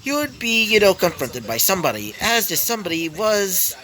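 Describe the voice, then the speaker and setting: A man's voice: high-pitched, very animated, brisk, poor audio. A man improvising a fan-story narration, rambling with many fillers and you-knows, with crowd noise behind.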